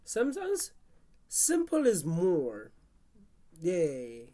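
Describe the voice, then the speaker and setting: Unhurried, lively-pitched streamer who chats and hums while making a track. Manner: chatty, talks to self and chat, hums basslines. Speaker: music producer streaming live. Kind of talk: casual live-stream commentary while producing.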